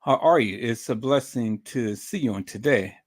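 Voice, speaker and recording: A man's voice: medium pitch, normal speed, breathy edge. A man hosting a commentary live stream, greeting chat viewers by name and often calling his audience "peoples", with many repeated words. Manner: repetitive, addresses viewers as "peoples".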